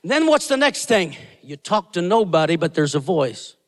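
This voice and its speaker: Guest preacher guy, really high voice, super animated, shouting then dropping low, big echoey church. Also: moderate pace. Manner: preaching, swinging between shouted peaks and low asides. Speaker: guest pastor. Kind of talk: sermon.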